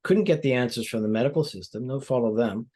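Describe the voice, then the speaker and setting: Man explaining at length, measured. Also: mid-range voice, dark tone. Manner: explanatory, measured, frequent "you know" fillers. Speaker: plastic surgeon guest. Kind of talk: interview answers.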